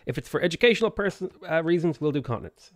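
A man streaming a game, casually greeting viewers by name and giving quick offhand answers to their questions. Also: a little high, lively intonation. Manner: greets chat viewers by name between game setup remarks. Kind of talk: casual live-stream chat.

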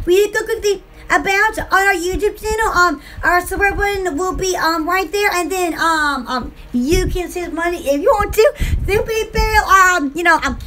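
A woman from Alabama with a Southern accent, rambling excitedly in a casual vlog for her online shop. She giggles often and fills her talk with "oh" and "um". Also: very high-pitched, normal speed. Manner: giggly, excitable, lots of "oh" and fillers.

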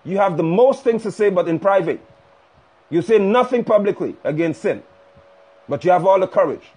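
A man's voice: high-pitched, lively intonation, moderate pace, mellow, slightly rough. A man preaching fiercely on a livestream, rebuking and hammering points with repetition. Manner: fiery, rebuking, emphatic repetition. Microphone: phone livestream.

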